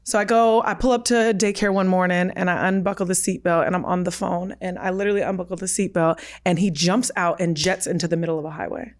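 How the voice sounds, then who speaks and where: A woman's voice: fairly low pitch, steady tone, quick pace, hardly any pauses. A woman in her thirties, a podcast guest, telling a personal story vividly and acting out the dialogue she quotes.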